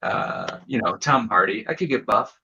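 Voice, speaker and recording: A man's voice: fairly low pitch, expressive, moderate pace, gravelly, pushed and bright, slightly rough, dull audio. A man doing a casual stand-up set over a home video call, rambling and self-deprecating with lots of fillers and restarts. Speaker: stand-up comedian.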